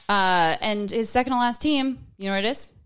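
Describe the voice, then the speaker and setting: A woman's voice: fairly high pitch, brisk, fairly bright tone, clear, resonant tone. A woman guesting on a casual podcast, teasing the host in a playful way. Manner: playful teasing, laughs often.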